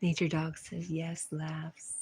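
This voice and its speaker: A woman's voice: low-pitched, completely flat delivery, takes it slowly, darkish tone, a little hiss or hum. A middle-aged woman hosting a casual livestream from her porch, reading chat comments aloud, teasing and laughing often.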